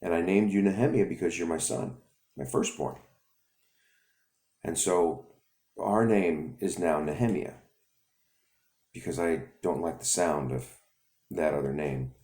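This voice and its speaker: A man voicing a remorseful middle-aged father who confides in his son in a halting, confessional way. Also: low voice, warm tone, roomy sound.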